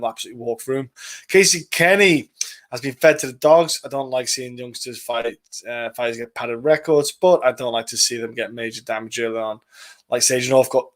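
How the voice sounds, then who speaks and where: A man hosting a casual live stream of fight predictions, chatting loosely, swearing and reading viewer comments aloud. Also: mid-range voice. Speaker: podcast host.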